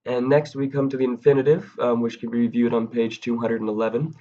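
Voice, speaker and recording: A man giving a recorded video grammar lesson in a casual, halting way, with frequent ums and self-corrections. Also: mid-range voice, level tone, dark tone, highs cut off. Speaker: grammar teacher.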